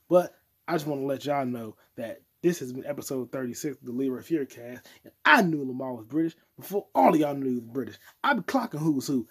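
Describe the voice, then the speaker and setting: American man, solo podcast host, slightly high voice, loose profane ramble, loud bursts. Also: husky. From United States. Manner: loose, profane, offhand monologue with sudden excited outbursts.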